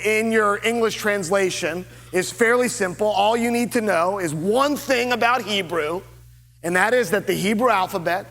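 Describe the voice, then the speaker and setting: A man preaching a sermon as lead pastor, earnest and deliberate, with dramatic pauses. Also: high-pitched, a bit bright, in a large hall. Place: church sanctuary.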